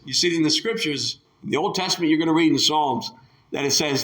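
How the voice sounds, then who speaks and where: A man preaching a sermon with passion, acting out the voices of the people in the story and rising to shouts. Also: a little high, fast talker, echoey room. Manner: impassioned, acts out the quotes with rising shouts.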